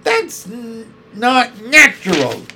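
A man reading a storybook aloud voices a blustering, angry policeman who shouts and stumbles over his words. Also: extremely high pitch, lively intonation, extremely slow, vocal fry, a little hiss or hum, pitched above the performer's own voice, exaggerated voice.

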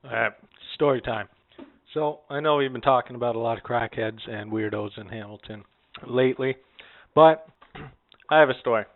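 A man's voice: medium pitch, normal speed. A man spins a long, rambling story on a podcast. He swears freely and fills his talk with "eh" and "like". The sound is narrow and tinny, as if heard over a phone line. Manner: rambling, profane, peppered with "eh" and "like". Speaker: podcast co-host. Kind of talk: casual storytelling.

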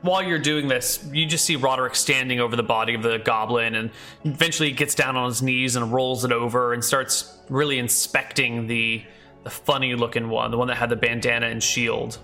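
A man's voice: medium pitch, steady tone, brisk, bright, forceful tone, soft background music. A man running a tabletop game as game master, narrating casually with lots of fillers.

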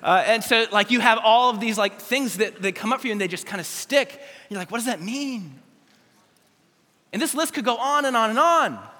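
Man, youth pastor, high voice, energetic and joking, long hall reverb. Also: brisk, few pauses. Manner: energetic, joking, speaks straight to teens. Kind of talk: youth sermon.

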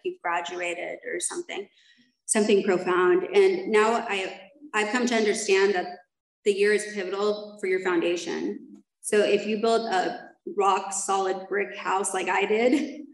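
Woman, recovery meeting share, candid, rambling, self-deprecating, echoey room. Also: medium pitch. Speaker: speaker sharing at a recovery meeting. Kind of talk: personal testimony to a group.

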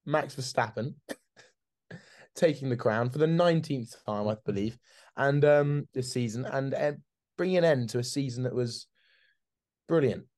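A man's voice: medium pitch, measured pace, long pauses, a little mellow. A man, co-hosting a casual sports podcast, laughing often, calling his friend mate, and repeating words as he goes. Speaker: podcast co-host.

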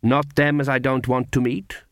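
A man voicing a mysterious woman who lives in a swamp, speaking tersely and slowly. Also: medium pitch, level tone, dry recording, studio quality, lightly acted.

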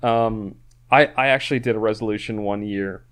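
A man's voice: lowish voice, quick pace, fairly bright tone. A man co-hosting a podcast, chatting casually and rambling with many restarts and fillers. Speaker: podcast co-host. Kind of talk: casual chat.

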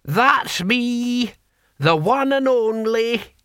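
A man voicing a very old, deaf barbarian who bellows and answers cheerfully in a high, cracked voice. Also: lively intonation, very slow, a bit bright, no room sound, studio quality, heavily acted. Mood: cheerful, bellowing.

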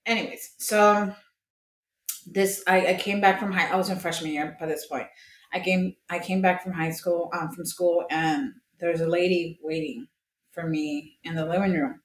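A woman's voice: fairly low pitch, fairly even intonation, normal speed. A young woman from Colombia, a podcast guest, candidly telling a personal story, swearing freely and acting out the voices of people she quotes. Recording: echoey room with faint ambience.

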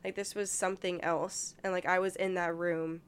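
A woman's voice: lowish voice, level tone, moderate pace, clean tone. A young woman chatting casually as a podcast co-host, rambling through a dream story with lots of "like". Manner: rambling, heavy use of "like". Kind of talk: casual chat, telling a dream.

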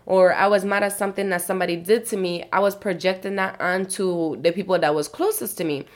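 A woman's voice: mid-range voice, steady tone, a little fast. A woman hosting her own podcast, talking through personal experiences in a casual, candid, self-reflective monologue, often checking in with "you know what I'm saying". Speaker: podcast host.

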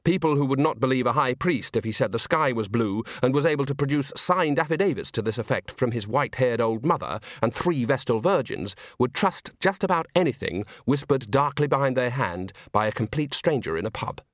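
A man reading a comic novel aloud as narrator, wry and expressive. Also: medium pitch, fairly quick, hardly any pauses, no room sound, clean studio sound. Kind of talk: audiobook narration.

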